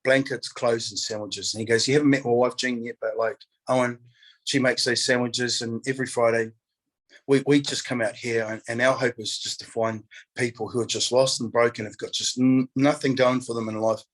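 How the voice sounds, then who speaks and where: Guest speaker, male, husky voice, mid pitch, animated storyteller who acts out quoted voices, New Zealand accent. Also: a little fast, low-quality recording. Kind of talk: candid storytelling.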